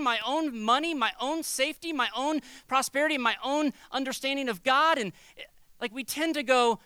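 A man preaching a sermon as a pastor, conversational and animated, acting out little quoted voices. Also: very high-pitched, smooth, dry recording.

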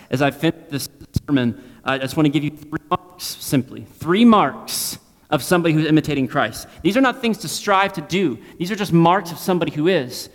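Passionate preacher in a reverberant hall. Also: male voice, on the high side, animated, a little fast. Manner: dynamic, swings from loud emphasis to hushed near-whisper; repeats phrases for emphasis. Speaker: pastor. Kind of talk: sermon.

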